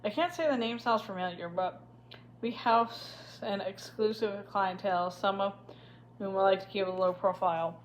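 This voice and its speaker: A woman's voice: mid-range voice, moderate pace, a little hiss or hum, natural voice. A woman voicing a scheming middle-aged male official who speaks in a lazy, self-satisfied drawl. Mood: sly drawl.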